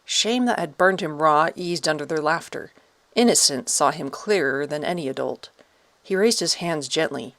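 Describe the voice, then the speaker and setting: Gravelly storybook narrator. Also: mid-range voice, moderate pace, a bit bright, no room sound. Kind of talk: scripted audiobook narration.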